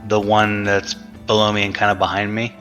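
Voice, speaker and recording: A man playing in a tabletop role-playing game, calmly and deliberately stating what his character does. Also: on the low side, soft background music. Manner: calm, deliberate statements of his character's actions. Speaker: player.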